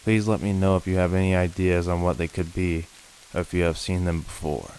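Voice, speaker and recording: A man reading first-person creature horror stories as scripted narration, in a slow, measured, ominous manner. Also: low voice, level tone, a little mellow, a little hiss or hum, rough recording. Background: faint rain.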